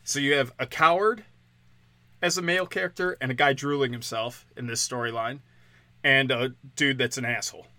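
A man holds forth in a casual podcast rant, crude and sardonic, with plenty of swearing and mockery. His voice is bright and forceful, at a middling pitch. The sound is dry, close and without room echo. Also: fairly even intonation, moderate pace. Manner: mocking, slips into sarcastic quoted voices.

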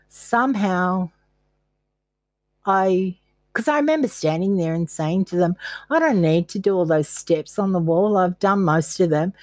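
A woman's voice: fairly low pitch, darkish tone, dry recording. An older woman from Australia, a podcast guest telling her own story candidly and poking fun at herself as she acts out her past thoughts. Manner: candid, self-mocking, quotes her past self. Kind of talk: personal storytelling in a podcast interview.

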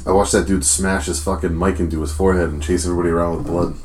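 Rambling low-voiced Rhode Island podcast host. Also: male voice, steady tone, very fast, darkish tone, a little hiss or hum. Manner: profane, rambling, with many fillers. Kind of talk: casual podcast chat.

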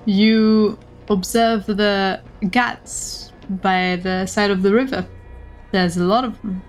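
A woman narrating a tabletop game as game master, with unhurried, descriptive storytelling. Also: medium pitch, steady tone, faint music behind.

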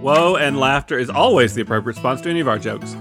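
A man co-hosting a comedy podcast, telling jokes with goofy, lively banter. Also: mid-range voice, fast talker, music in the background. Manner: goofy, repeats silly exclamations, lively storytelling. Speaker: podcast co-host. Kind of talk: casual joke-telling banter.

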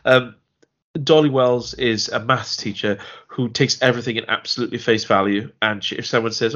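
A man's voice: medium pitch, fairly even intonation, brisk, a bit bright. Rambling man on a muffled mic. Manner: rambling, restarts often, acts out quoted lines. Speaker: podcast co-host. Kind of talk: casual chat reviewing a TV series.

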